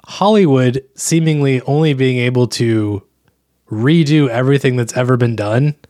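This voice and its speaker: A man co-hosting a casual podcast, flustered and quick to laugh. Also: medium pitch, dark tone. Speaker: podcast co-host. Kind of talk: casual chat.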